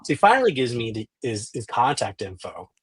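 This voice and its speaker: A man's voice: medium pitch, big pitch swings, fairly quick, breathy edge. A man, a journalist guest on a podcast, telling a story in detail with frequent restarts and quoted back-and-forth dialogue.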